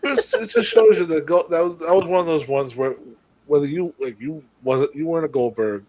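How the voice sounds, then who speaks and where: A man co-hosting a casual wrestling chat show, blunt and quick to swear, laughing often. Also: on the high side, very animated, a little mellow, rough recording. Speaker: podcast co-host.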